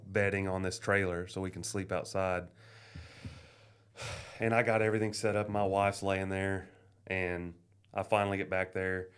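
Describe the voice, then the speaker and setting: Low smooth-voiced man telling stories. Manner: profane, lively anecdote-telling, acting out quoted voices. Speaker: vintage motorcycle parts dealer, guest. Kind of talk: casual podcast storytelling.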